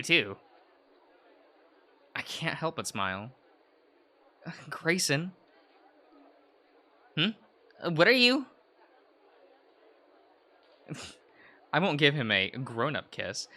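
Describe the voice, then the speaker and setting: A man's voice: medium pitch, bright, forceful tone, full character voice. A man voicing an earnest, blunt teenage girl who narrates a visual novel in first person, close to tears. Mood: tender. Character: teenage girl protagonist, blunt, fed up with boys.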